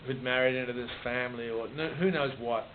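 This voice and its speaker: A mid-range, fairly quick male voice belongs to an Australian author in his sixties looking back on his writing in a chatty interview. He restarts a lot and repeats words, over a muffled, noisy, phone-like recording.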